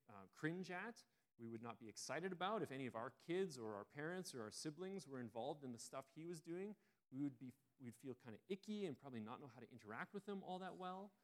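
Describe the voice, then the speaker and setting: A man preaching a sermon, retelling a story in a relaxed, conversational way with frequent restarts. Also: medium pitch.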